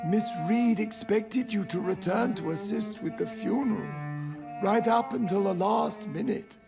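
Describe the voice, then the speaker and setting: An actor playing an anxious, devoted old butler in a video game, formal and fussy. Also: male voice, high-pitched, a little slow, gravelly, loud music behind the voice. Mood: worried.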